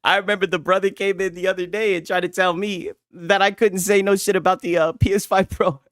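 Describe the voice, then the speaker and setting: A man's voice: high-pitched, little pitch movement, fairly quick, fairly bright tone, no echo, clean studio sound. A man hosting a casual gaming livestream, mocking his audience with frequent laughter and profanity. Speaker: gaming commentary streamer.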